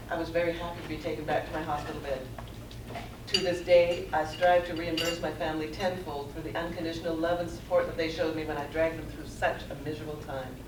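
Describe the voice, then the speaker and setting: A middle-aged woman speaks to a conference audience, telling her story in an earnest, measured way. She is heard from some distance in a roomy space. A steady background noise sits under her voice. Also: fairly low pitch. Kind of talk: prepared personal talk read aloud. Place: conference room.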